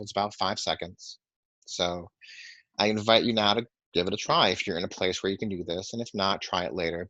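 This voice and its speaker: A man who teaches meditation and sound healing guides listeners through breathing and toning, speaking softly and calmly in a low voice while counting breaths slowly. The recording comes through a webinar microphone and sounds dry and muffled.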